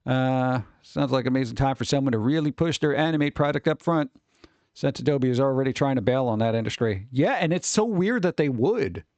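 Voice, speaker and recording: A man's voice: mid-range voice, brisk, darkish tone, no echo. A man hosting a stream, chatting casually in a rambling way, with some swearing and chuckles. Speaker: streamer host. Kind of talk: casual chat.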